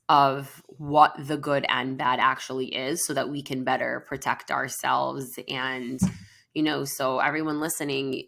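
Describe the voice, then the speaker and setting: A woman with a low voice talks on a counseling podcast. Her delivery is earnest and chatty, and her sentences are full of fillers and asides. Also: creaky, a bit bright. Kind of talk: casual podcast conversation.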